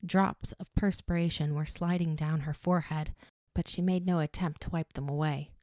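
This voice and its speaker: Woman doing audiobook narration, steady reading, lowish voice, dry close sound. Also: moderate pace, no echo. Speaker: audiobook reader.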